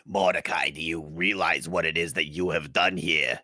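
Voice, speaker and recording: A man voicing a stern, gruff cartoon yeti in a deep, gravelly impression voice. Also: steady tone, normal speed, pushed and bright, no echo, studio quality, exaggerated voice.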